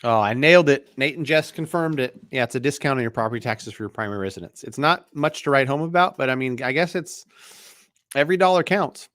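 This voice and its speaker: A man hosting a live mortgage Q&A stream, talking in a relaxed, chatty way with lots of fillers and restarts, sounding tired. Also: medium pitch, quick pace, no room sound, clean studio sound. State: tired, yawning.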